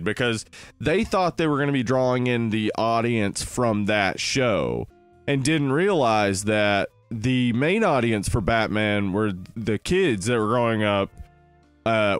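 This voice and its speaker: A man in his thirties co-hosts a casual film-review podcast, rambling with lots of "like"s and restarts. His voice is on the low side, a bit bright and smooth, with no echo.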